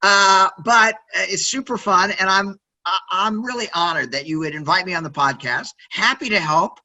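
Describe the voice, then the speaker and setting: A quirky man in his sixties talking with big, loud energy as a podcast guest. His voice sits high for a man and rings bright and forceful, and he keeps checking in with "right?". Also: normal speed, rough recording. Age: 60s. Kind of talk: energetic interview storytelling.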